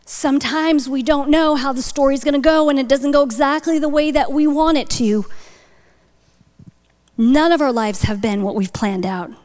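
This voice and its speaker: A woman's voice: sits high, moderate pace, a little mellow. A woman telling a story in a sermon, dropping to a whisper for emphasis and building to a passionate call at the close. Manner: rises to passionate exhortation. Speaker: speaker at a church.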